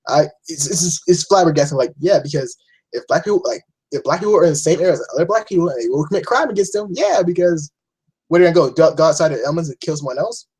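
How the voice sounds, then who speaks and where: A man's voice: a little high, expressive, fast, a little mellow, slightly rough, low-quality recording. A young man giving a rambling, blunt opinion rant to camera, swearing often and restarting his sentences. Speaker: vlogger.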